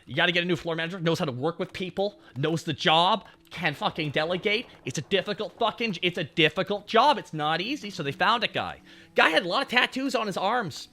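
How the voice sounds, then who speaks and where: A man streamer casually telling a long, profane story to his viewers, swinging between low muttering and shouting. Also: animated, brisk. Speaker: VTuber streamer.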